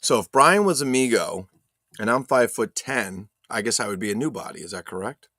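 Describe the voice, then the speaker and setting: A man's voice: on the low side, animated, a little fast, bright, forceful tone, no room sound, clean studio sound. A man hosting a casual live stream, joking loosely, swearing and reading viewer chat aloud. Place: home streaming setup.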